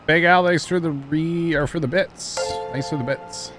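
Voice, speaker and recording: Chatty male streamer with quick exclamations. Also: on the high side, fairly even intonation, loud music behind the voice. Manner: chatty, thanks viewers, quick exclamations and laughs. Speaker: livestreamer. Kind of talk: casual gaming livestream chat.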